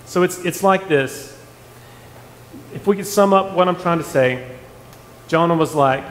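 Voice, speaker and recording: A man leading a casual Bible study, animated, asking the group rhetorical questions and restarting his sentences. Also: on the high side, a little slow. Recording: echoey hall, faint room noise.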